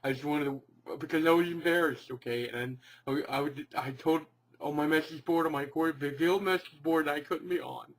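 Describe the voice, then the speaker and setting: A man's voice: a little high, brisk, close to an everyday voice, rough recording. A man playing an enraged young gamer who rants at his camera, shrieking, swearing and sobbing. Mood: tearful, upset. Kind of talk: comedic rant video.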